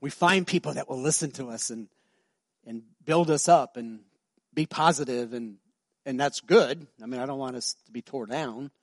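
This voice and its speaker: A male pastor preaching a sermon, swinging between soft, slow passages and loud, emphatic high-pitched stretches. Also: no room sound, studio quality.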